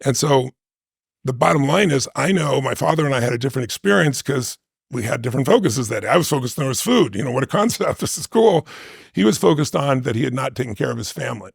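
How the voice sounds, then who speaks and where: A man with an extremely gravelly, husky voice tells a personal story during an interview. He talks emphatically and conversationally, with frequent asides. The recording is close and dry. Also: mid-range voice, expressive, fast talker, dry recording. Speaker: interview guest.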